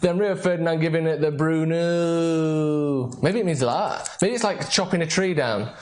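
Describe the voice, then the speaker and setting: A young man hosts a casual late-night football stream. His voice sits a little higher than most men's, and he rambles through playful, jokey banter. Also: expressive, a little fast. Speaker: host. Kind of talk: casual live-stream chat.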